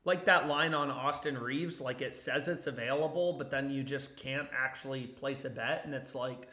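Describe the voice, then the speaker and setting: A young man talking casually and profanely on a live stream about sports bets, rambling and getting excited as he goes. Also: mid-range voice, moderate pace, hardly any pauses, echoey room. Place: home basement.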